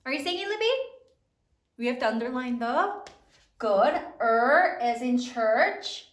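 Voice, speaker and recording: A woman teacher leading a spelling lesson for third graders, slowly sounding out each letter and praising her students often. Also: sits high, lively intonation, echoey room.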